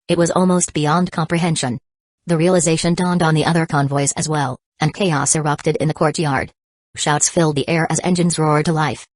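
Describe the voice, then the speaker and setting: A woman reads an action novel aloud in a low, steady voice. The sound is dry and close, with no room around it. Her delivery stays even and measured. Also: dry recording. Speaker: audiobook narrator. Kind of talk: scripted audiobook narration.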